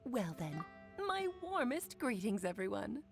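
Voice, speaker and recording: A woman's voice: medium pitch, sing-song, measured pace, creaky, faint music behind. A woman voicing a grand, playful mage mother in a video game, speaking in a lofty, teasing and dramatic way.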